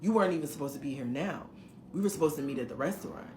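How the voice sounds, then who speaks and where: A middle-aged woman vlogger sits at home recounting a dating experience, telling viewers the story in a casual, emphatic, animated way. Her voice is low-pitched, expressive, a little mellow, and she races through her words. The indoor recording has a roomy echo and faint background hiss.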